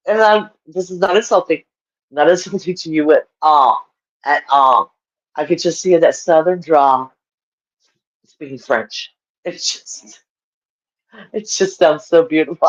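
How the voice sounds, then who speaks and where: Slow, lively-voiced woman chatting with viewers. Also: low voice, lo-fi sound. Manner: laughs often, answers viewer comments. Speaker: livestream host. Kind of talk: casual chat with viewers.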